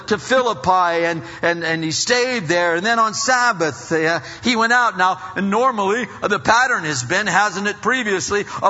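Man preaching, high bright voice, casual folksy delivery, echoey muffled church sound. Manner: folksy, conversational preaching with many fillers and restarts. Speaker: pastor. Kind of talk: sermon.

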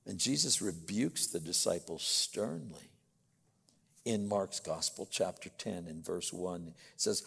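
Booming, gravelly older preacher. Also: male voice, measured pace. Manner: booming, swings from loud emphasis to soft asides. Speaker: pastor. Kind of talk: sermon. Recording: long hall reverb.

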